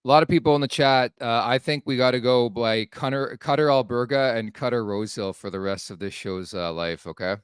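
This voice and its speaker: A man's voice: mid-range voice, a little fast, few pauses, smooth, dry recording, clean studio sound. A man co-hosting a casual sports talk show, chatty and laughing along, reading promos between topics. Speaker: podcast co-host.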